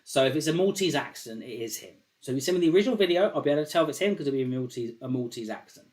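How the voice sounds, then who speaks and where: A man's voice: on the high side, animated, very fast, darkish tone. Rambling, swearing male show host. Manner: rambling, swears often, repeats himself. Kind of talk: casual call-in chat.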